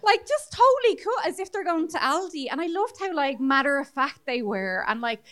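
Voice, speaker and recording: Irish woman around 40, high voice, talks frank and animated at a live show. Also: brisk. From Ireland. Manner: frank, animated storytelling with frequent laughter. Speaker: guest sex educator. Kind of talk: live stage chat.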